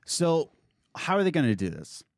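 A man hosts a casual podcast with a lively voice that swings up and down in pitch as he jokes and circles back on his points. The sound is dry and close to the mic. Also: moderate pace, no room sound. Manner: animated, jokey, wordy with restarts. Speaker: podcast host. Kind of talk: casual commentary chat.

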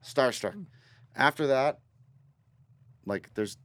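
A man from Northern Ontario, a guest musician telling a rambling, animated story in a casual studio interview. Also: medium pitch, slow, dry recording. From Northern Ontario, Canada. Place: recording studio.

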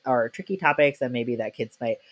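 A podcast host talking in a relaxed, conversational way. The stories come quickly and are animated, and the host slips into playful quoted voices along the way. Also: medium pitch. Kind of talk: casual conversational interview.

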